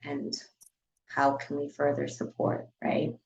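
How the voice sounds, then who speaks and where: A woman's voice: sits low, big pitch swings, slow, vocal fry, muffled recording. A woman who runs a dance studio, talking casually on a podcast and often filling her speech with "you know" and "like". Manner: chatty, frequent "you know" and "like" fillers.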